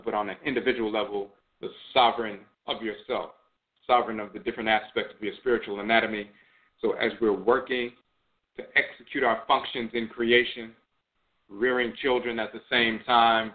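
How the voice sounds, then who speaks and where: A man giving a measured spiritual lecture, often repeating phrases and trailing off with "and so forth". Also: on the low side. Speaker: host and spiritual teacher. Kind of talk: spoken lecture on spiritual tradition. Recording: tinny phone-like sound.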